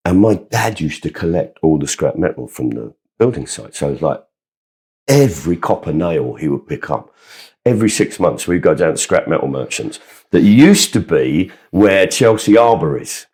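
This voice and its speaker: Male comedian guest, low husky voice, animated and swinging in pitch, fond anecdotes told with laughs. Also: moderate pace. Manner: animated, laughing at his own stories. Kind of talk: anecdotal storytelling.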